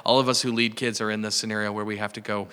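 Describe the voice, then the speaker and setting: A man hosting a podcast in an encouraging, affirming tone. His voice is bright and crisp, and it has a long reverb around it. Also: on the low side, level tone, very fast. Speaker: podcast host. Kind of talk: casual conversational podcast chat.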